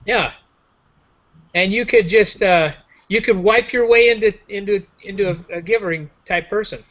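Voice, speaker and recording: A man's voice: sits high, normal speed, a bit bright. A man hosting a show in a casual joking chat, rambling and self-mocking over a video call. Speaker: show host. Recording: dull lo-fi online call audio.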